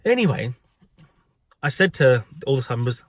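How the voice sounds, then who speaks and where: An Australian man who works at a pub, telling a story in a profane, gossipy, animated way. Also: mid-range voice, moderate pace, no echo. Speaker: pub worker. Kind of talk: storytelling vlog.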